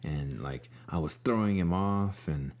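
Man, very low voice, laid-back rambling chat, lots of fillers, podcast co-host. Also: measured pace, darkish tone. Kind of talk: casual chat.

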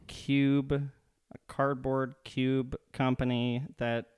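A man's voice: mid-range voice, level tone, extremely slow, darkish tone, smooth. A young man co-hosting a podcast, joking and rambling with lots of swearing. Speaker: podcast co-host. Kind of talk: casual profane chat.

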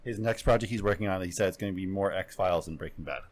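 A man's voice: deep voice, quick pace. A man talking casually about shows, rambling with many fillers and restarts. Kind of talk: casual chat.

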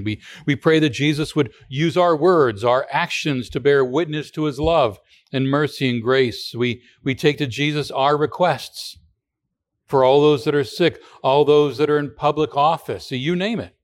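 A male pastor preaching a sermon in a conversational way, asking the congregation rhetorical questions and restarting words now and then. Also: a little high.

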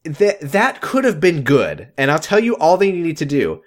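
A man's voice: fairly high pitch, wildly swooping pitch, moderate pace. A man co-hosting a podcast, recapping a TV episode in a dry, wry way and acting out characters' lines. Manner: dry, wry retellings with acted quotes. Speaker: podcast co-host. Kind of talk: casual comedic recap chat.

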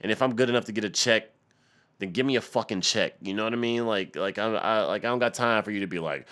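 Deep-voiced stuttering man ranting loudly. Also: fast. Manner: loud, swearing, repeats words. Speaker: podcast host. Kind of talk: profane comedic rant.

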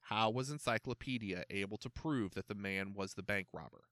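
A man reading a children's mystery story aloud in an expressive, animated way. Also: on the low side, normal speed, no echo. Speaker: narrator.

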